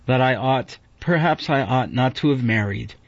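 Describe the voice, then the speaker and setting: A man's voice: medium pitch, normal speed, natural voice. A man reading an audiobook voices a guarded, emotional young woman who speaks hastily. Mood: distressed. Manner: tense, hasty. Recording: dull, dry audiobook recording.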